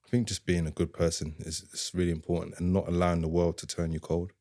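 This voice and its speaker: A middle-aged man talks as a podcast guest, his voice sitting very low. He tells a personal story with earnest, heartfelt feeling and acts out the things people said to him. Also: little pitch movement, fast, warm tone, dry recording, clean studio sound. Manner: earnest, heartfelt, often retells dialogue.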